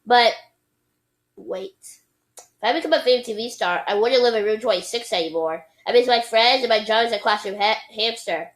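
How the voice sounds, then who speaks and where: A woman's voice: a little high, lively intonation, normal speed, low-quality recording. A woman reading a children's book aloud expressively, with playful sound effects and occasional slips. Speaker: reader.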